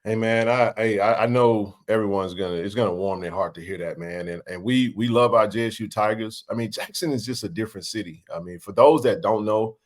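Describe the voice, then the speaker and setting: A man's voice: on the low side, a little fast, few pauses. A man hosting a casual sports interview, asking long, winding questions. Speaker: podcast host.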